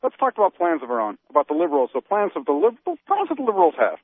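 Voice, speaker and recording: A man's voice: on the high side, huge pitch swings, rapid-fire, husky, dry recording. A man co-hosting a political talk radio show, ranting and firing off rhetorical questions. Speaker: co-host. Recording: tinny phone-like dry sound.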